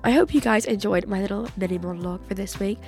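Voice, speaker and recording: A 21-year-old woman with a cold, chatting in a rambling solo podcast monologue full of "like", her voice croaky. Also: mid-range voice, quick pace, a little mellow, faint music behind. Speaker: podcast host. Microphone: podcast microphone.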